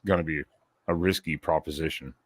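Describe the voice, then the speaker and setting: Deep-voiced wry man talking football. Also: fairly even intonation, a little fast, slightly rough, no room sound. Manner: wry, acts out fans' reactions. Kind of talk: casual sports talk.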